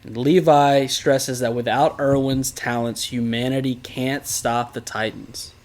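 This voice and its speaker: A man's voice: mid-range voice, steady tone, measured pace, a little mellow. A male podcast co-host in easy, casual conversation, recapping an episode. His delivery is teasing and sarcastic, full of joking asides.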